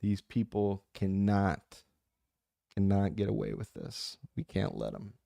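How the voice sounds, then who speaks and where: A man's voice: on the low side, measured pace, gravelly, dark tone, no room sound. A man hosting his own channel, chatting casually about a book and reading out viewer comments, rambling, joking and getting fired up. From United States. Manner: impassioned, rambling, jokey. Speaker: audiobook narrator and channel host.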